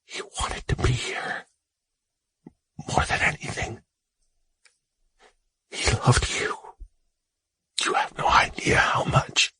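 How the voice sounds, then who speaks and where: Guy reading as a heartbroken man whispering goodbye, raspy and shaky, dry close sound. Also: on the low side, steady tone, slow, no echo, exaggerated voice. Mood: tearful whisper. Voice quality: raspy, quavering voice. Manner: hushed tearful whispering. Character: grieving young man saying farewell.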